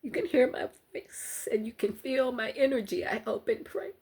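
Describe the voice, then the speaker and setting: An older woman vlogger giving a halting, heartfelt personal account to her viewers. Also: a little high, creaky, a little mellow, breathy edge. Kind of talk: emotional personal testimony to camera.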